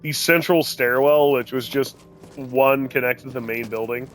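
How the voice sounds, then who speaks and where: A young adult man streaming a game, telling a rambling, profane story in a casual, animated way. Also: medium pitch, normal speed. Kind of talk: casual storytelling while gaming. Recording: game music under voice. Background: game music.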